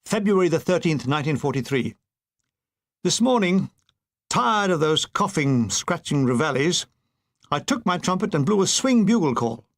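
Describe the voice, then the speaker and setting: A man reading a war memoir aloud as an audiobook, telling it in a wry, expressive way. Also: a little high, normal speed. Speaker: audiobook reader.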